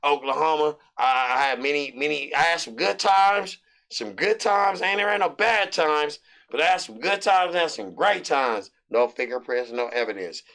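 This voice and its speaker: A man's voice: on the high side, lively intonation, moderate pace, gravelly, a bit bright. A man hosting a sports betting show, running through picks in a loose, repetitive, hyped-up way with lots of slang.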